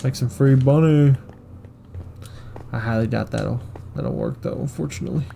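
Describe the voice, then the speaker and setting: Casting note: young male gaming streamer, mellow voice, rambling jokey commentary. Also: medium pitch, moderate pace, gravelly, a little hiss or hum. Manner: rambling, joking, self-mocking. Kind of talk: casual gameplay commentary.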